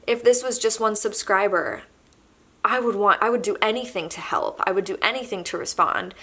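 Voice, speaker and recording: A young woman vlogging to camera, halting and soft-spoken as she admits she is pregnant and emotional. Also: medium pitch. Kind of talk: candid emotional confession to camera.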